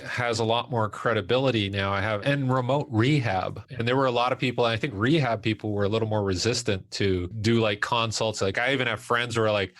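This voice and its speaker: A man's voice: on the low side, steady tone, a little fast, few pauses, fairly bright tone, no room sound. A middle-aged man talking as a podcast guest, thoughtful and rambling, with fillers and restarts. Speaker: guest, sports performance consultant. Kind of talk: casual podcast conversation.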